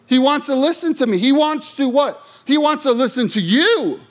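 Male pastor, sermon, high voice, emphatic questions, playful asides. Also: expressive, moderate pace. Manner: emphatic, rhetorical call-and-response questions; joking asides to the congregation.

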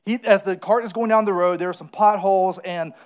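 A male pastor preaching a casual, lively sermon, telling a story and asking the congregation to repeat words after him. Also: high voice, a little fast, clear, resonant tone. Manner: lively storytelling with crowd call-and-response.

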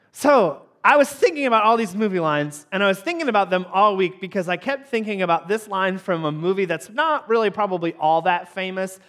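A man opening a sermon in a playful way, joking with and teasing his audience and rising sharply in pitch when surprised. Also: expressive, normal speed, a bit bright.

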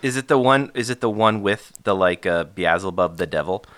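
Expressive low-voiced young man. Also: dry recording, studio quality. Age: young adult. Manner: laid-back, playful, quick to laugh. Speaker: podcast co-host. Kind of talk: casual chat.

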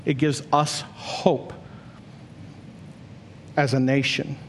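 A man's voice: mid-range voice, little pitch movement, very slow, a little hiss or hum. A man preaching a sermon as pastor, earnest and building to emphatic questions.

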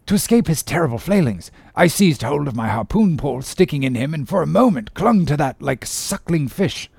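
A man's voice: fairly high pitch, expressive, moderate pace, gravelly, darkish tone, slightly rough, no room sound, exaggerated voice. A man voicing a good-humoured, one-armed English sea captain in an audiobook reading, telling a rambling, hearty tale. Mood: storytelling. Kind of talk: audiobook character voice.

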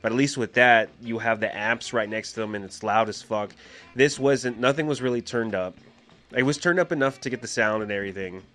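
A man appearing as a guest on a podcast, describing his band's gigs in a relaxed, halting way full of "you know". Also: medium pitch, soft background music. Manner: laid-back, halting, fillers like "you know". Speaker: musician guest. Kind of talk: casual podcast chat.

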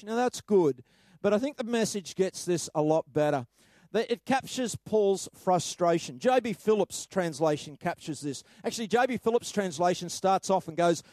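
Man, pastor, sermon, high-pitched, halting with fillers, dry sound. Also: a little mellow, dry recording. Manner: reads scripture aloud with rising emphasis.

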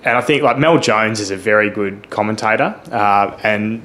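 A man's voice: on the low side, moderate pace, a bit bright, a little hiss or hum. A man co-hosting a podcast, telling stories in chatty, amused casual talk. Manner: chatty, laughing storyteller. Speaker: podcast co-host.

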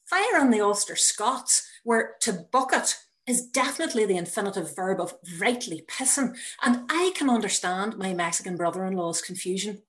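A woman reading her own personal story aloud in a measured, wry manner. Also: medium pitch, animated. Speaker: narrator.

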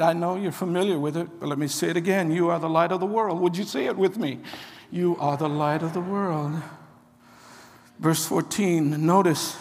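An emphatic preacher delivers a sermon at a deliberate, unhurried pace. Key phrases come back again and again as the speaker urges the listeners on. The voice carries a long, ringing reverb from a large hall. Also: medium pitch.

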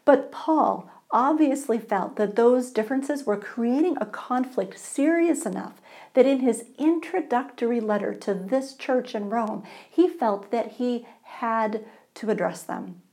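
Warm-voiced woman pastor preaching. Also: fairly high pitch, unhurried. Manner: conversational, asks the congregation for responses. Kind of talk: sermon.

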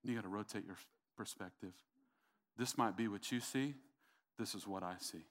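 A man's voice: fairly low pitch, moderate pace. A middle-aged man preaching a sermon, emphatic and repetitive, calling out to the congregation. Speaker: pastor.

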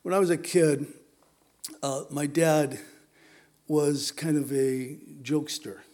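Man, middle-aged, slightly high voice, casual sermon, storytelling, from Southern California. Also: fairly even intonation, takes it slowly, a little mellow. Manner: conversational, storytelling, many fillers. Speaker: pastor. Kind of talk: sermon with personal stories.

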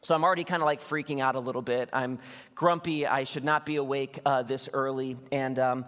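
A male pastor preaching a sermon, telling a personal story in a lively storytelling manner before reading scripture. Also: medium pitch, a little fast. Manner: storytelling, animated when recounting anger. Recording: long hall reverb.

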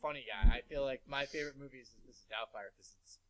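A man's voice: mid-range voice, quick pace. A man co-hosting a podcast, arguing his point in casual chat with emphatic, profane talk.

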